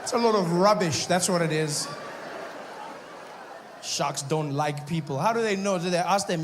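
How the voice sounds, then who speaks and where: A man from South Africa with a South African accent, doing animated, mocking stand-up storytelling. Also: high-pitched, normal speed, pauses often, a crowd in the background, background noise. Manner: animated, mocking, switches into voices. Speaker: stand-up comedian.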